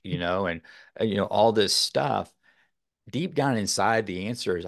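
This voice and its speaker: A man's voice: lowish voice, measured pace, creaky, no room sound, studio quality. A man from Texas, a podcast guest, talking earnestly in a rambling way with many fillers. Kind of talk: casual interview talk.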